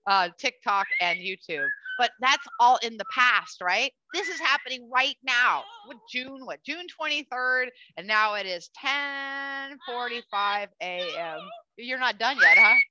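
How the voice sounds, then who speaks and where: A woman hosting a live educational bird show for children, chatty and animated, cooing at the bird and talking to the audience. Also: fairly high pitch, a little slow, few pauses, a little hiss or hum. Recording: dull lo-fi dry sound.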